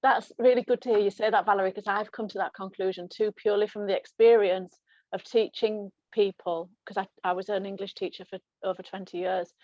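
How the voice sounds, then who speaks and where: A woman's voice: mid-range voice, steady tone, fairly quick, a little mellow, dry recording, highs cut off. A woman hosting an online panel on aviation English who moderates the talk and encourages the speakers. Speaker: host and aviation English trainer.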